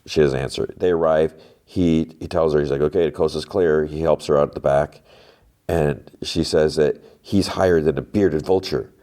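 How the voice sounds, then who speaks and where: Very deep-voiced man, casually recapping. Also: warm tone. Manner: chatty retelling, swaps curse words for "fudge". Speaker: podcast host.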